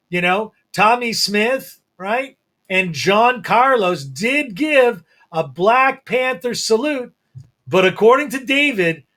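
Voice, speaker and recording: A man with a high voice hosting a sports talk show. He speaks conversationally, setting up the topic and handing the floor to his co-host. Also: sharp tone. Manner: conversational, sets up topics, hands over the floor. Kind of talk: opinion talk podcast.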